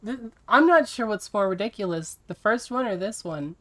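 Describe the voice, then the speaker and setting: A woman's voice: medium pitch, animated, fairly bright tone. Exasperated woman streamer chatting to viewers. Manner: exasperated, teasing, quick to laugh. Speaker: video game streamer. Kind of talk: casual live-stream chat with viewers.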